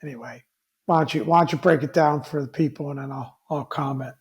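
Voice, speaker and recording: A man's voice: a little high, steady tone, brisk. A man co-hosting a sports podcast, rambling through his points with loose casual talk. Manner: rambling, many fillers and restarts, laughs easily. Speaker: podcast co-host.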